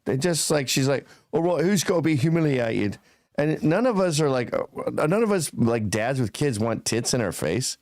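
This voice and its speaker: A man's voice: mid-range voice, lively intonation, normal speed, hardly any pauses, darkish tone, dry recording. A man in his fifties, a podcast guest telling stories in a blunt, profane, casual way. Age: 50s.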